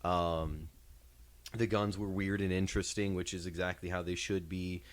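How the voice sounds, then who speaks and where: A man's voice: sits low, level tone, moderate pace. A man co-hosting a casual podcast chat, explaining his views on a game at length. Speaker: podcast co-host reviewing games and movies.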